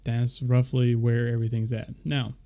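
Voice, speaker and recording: A young man casually shows viewers his mic settings in a screen-share tutorial, his talk loose and full of fillers. His voice is medium-pitched and warm, with a level tone and moderate pace.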